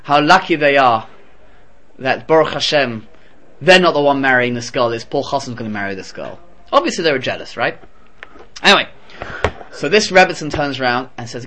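A man giving a Torah lesson in a lively, conversational storytelling manner. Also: mid-range voice, normal speed, a little hiss or hum. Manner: animated, conversational. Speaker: Torah teacher.

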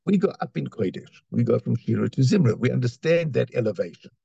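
A man's voice: medium pitch, animated, fairly quick, creaky, dark tone, breathy edge, dry recording, lo-fi sound. A man teaching a Torah class, reading Hebrew phrases and explaining them in English, often repeating words as he searches for the next one. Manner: reads Hebrew lines then translates, with repetitions and restarts.

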